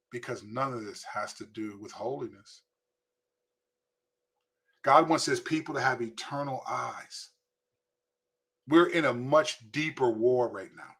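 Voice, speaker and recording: A man's voice: medium pitch, a bit bright, husky. A man who is a pastor, preaching emphatically to camera and repeating words as he presses his points.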